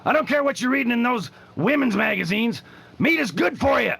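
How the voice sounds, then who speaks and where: A blustering cartoon macho man, booming his pitch like a pitchman. The voice sits extremely high, gravelly and hoarse-edged, with a sharp, bright bite. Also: expressive, fairly quick, heavily acted. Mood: boastful. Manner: declaiming like a pitchman. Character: brash macho all-American man, blustering.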